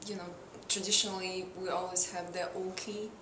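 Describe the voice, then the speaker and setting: A woman's voice: on the low side, flat delivery, a little fast, background noise. Woman, hesitant wine taster, echoey room, faint ambience. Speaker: guest taster. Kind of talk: casual tasting chat. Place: indoors.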